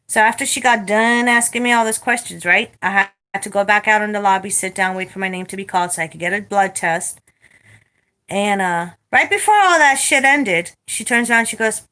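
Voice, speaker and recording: Bright toned woman ranting on her vlog, swears a lot, no filter. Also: mid-range voice, brisk. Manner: blunt and profane, animated retelling. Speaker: vlogger. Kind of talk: casual storytime rant.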